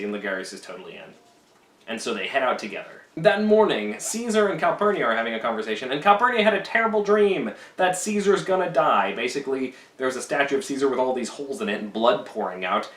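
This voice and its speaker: A man retells a play in a casual lecture style, with lively swings of pitch and playful voices for the characters' lines. His voice sounds roomy and echoey. He stands a little away from the microphone. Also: recorded from a distance. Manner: animated, slips into silly character voices for quoted lines. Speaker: literature teacher summarizing a play. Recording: echoey room, voice a bit off-mic.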